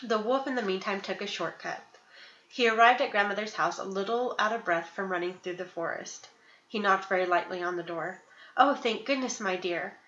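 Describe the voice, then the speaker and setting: A woman reading a fairy tale aloud in a clear, steady storybook narration. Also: medium pitch, a little fast, roomy sound, muffled recording.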